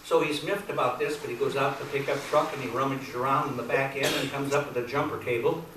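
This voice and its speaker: A man's voice: mid-range voice, steady tone, quick pace. A man telling folksy jokes live on stage in a grange hall, chuckling through his stories with easy fillers. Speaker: comedian and folk entertainer. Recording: echoey hall from far off with room noise.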